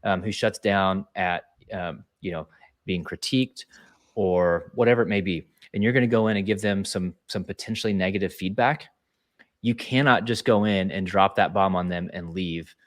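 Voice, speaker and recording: Low-voiced man coaching earnestly. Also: moderate pace. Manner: earnest, coaching, many restarts. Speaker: leadership speaker. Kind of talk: casual webinar talk.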